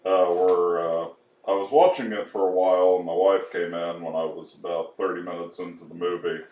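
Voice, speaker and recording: A very deep-voiced man tells dry little stories in a casual podcast chat. He sits far from the mic. The sound is dull and roomy, with a faint hiss. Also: level tone, moderate pace.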